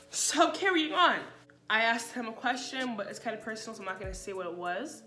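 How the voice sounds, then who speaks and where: A young woman with a bright, slightly high voice tells a personal story to her vlog audience. She chats loosely and acts out quoted lines of dialogue. The room sounds echoey, with faint music behind her. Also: a little fast. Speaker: vlogger.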